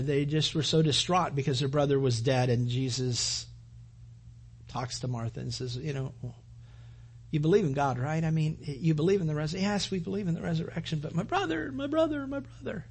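A man delivers a sermon in a loose, conversational storytelling manner, acting out the voices in the scripture he retells. His voice is somewhat husky and sits a little high for a man. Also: moderate pace. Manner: conversational storytelling, acts out quoted lines. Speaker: pastor.

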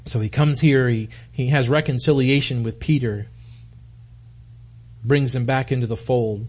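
A man's voice: medium pitch, steady tone, a little slow, a little mellow, breathy edge. A man preaching a sermon in an earnest way, often repeating words as he starts a phrase. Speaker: pastor.

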